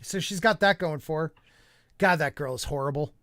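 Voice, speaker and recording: A man's voice: fairly high pitch, moderate pace, a bit bright, dry recording, clean studio sound. A man hosting a livestream podcast, joking around and reading out viewer chat in a rambling, casual way. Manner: jokey, rambling, reads chat aloud. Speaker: podcast host.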